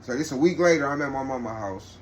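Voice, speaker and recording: A man's voice: mid-range voice, fast talker, a little hiss or hum. Man rambling through a street storytime. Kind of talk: casual storytime.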